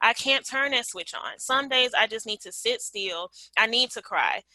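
A woman's voice: on the high side, expressive, moderate pace, sharp tone, dry recording, poor audio. A woman in her late twenties, sharing a personal story as a guest in a candid, reflective way, with frequent fillers and restarts. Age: late 20s.

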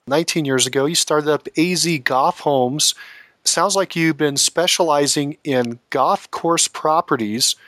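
Male interviewer, direct and curious, a bit higher-pitched, dry sound. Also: unhurried, fairly bright tone, dry recording. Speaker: interviewer host. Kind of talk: interview questions.

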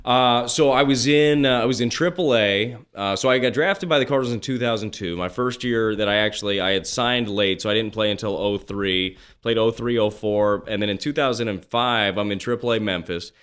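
A man in his forties telling stories as an interview guest, animated and full of restarts, often acting out what others said. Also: on the low side, fairly quick, hardly any pauses, clean tone. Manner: animated, acts out quoted voices, many restarts. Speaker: guest, former pro baseball pitcher. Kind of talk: casual interview storytelling.

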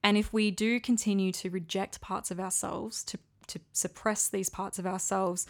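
Frank, gravel-edged woman podcaster. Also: medium pitch. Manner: frank, conversational, confiding. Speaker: podcast host. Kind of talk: candid podcast monologue.

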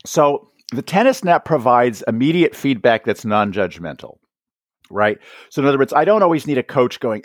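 A man's voice: medium pitch, normal speed, no room sound, studio quality. A man being interviewed as an author on teaching, talking conversationally and often checking in with "right?". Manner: animated, acts out quoted voices, frequent "right?" tags. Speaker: author and education guest.

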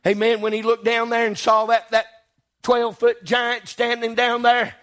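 Guy preaching a sermon, really high voice, drops low then shouts out, keeps saying amen. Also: completely flat delivery, normal speed. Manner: fervent, swings between low murmurs and shouted peaks; repeats phrases, punctuates with "amen".

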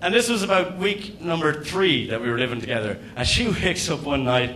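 Irish man, stand-up comedian, bright, somewhat high voice, profane and animated storytelling. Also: brisk, slight background noise. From Ireland. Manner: profane, animated storytelling with loud acted-out outbursts.

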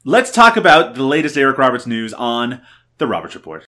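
A man's voice: medium pitch, huge pitch swings, fairly quick. A man in his thirties hosting a comedic podcast, chatting in a jokey, self-mocking way. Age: 30s. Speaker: podcast host. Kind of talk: casual comedic podcast chat.

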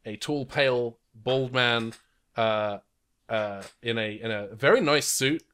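A man's voice: mid-range voice, clear, resonant tone. Man running a tabletop game remotely. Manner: relaxed, halting with fillers. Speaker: game master. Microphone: remote call mic.

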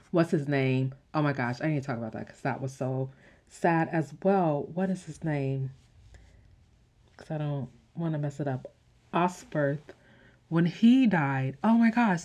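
A woman recapping a TV season in casual chat, with many fillers and quick exclamations. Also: low-pitched. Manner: chatty, many "like"s and "um"s, laughs and gasps. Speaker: show recapper.

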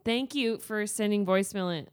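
Woman in her 30s cohosting a podcast, jokey and teasing, swears a lot, mid pitch. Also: moderate pace, clean tone. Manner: playful, teasing, crude jokes. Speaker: podcast co-host. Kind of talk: casual chat.

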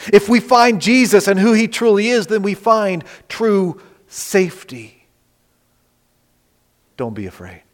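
A man preaching a sermon as pastor, moving between loud emphasis and soft, near-whispered lines. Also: on the high side. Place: church sanctuary. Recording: long reverb of a church hall.

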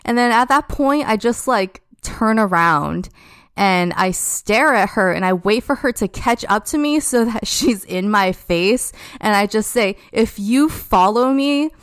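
Young woman, podcast guest, rambling casual storyteller; smooth tone, dry sound. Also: medium pitch, animated, measured pace, fairly bright tone, no room sound. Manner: chatty, heavy use of "like".

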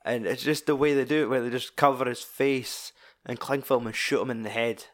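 Scottish guy chatting about a movie, lots of swearing, mid pitch, animated. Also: brisk. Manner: sweary, animated retelling of scenes. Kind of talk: casual film-discussion chat.

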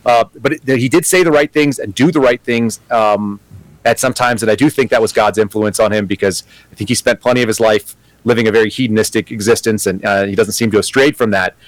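Male guest, quick and earnest, restarts his thoughts, dry close mic. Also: lowish voice, dry recording, poor audio. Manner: fast, earnest, thinking aloud with restarts. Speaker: guest, former FBI agent. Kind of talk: conversational interview.

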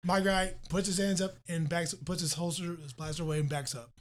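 A man's voice: fairly high pitch, fairly even intonation, brisk. A man playing a tabletop role-playing game, plainly stating what his character does. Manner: declares actions plainly. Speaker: player. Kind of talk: casual chat at a tabletop game.

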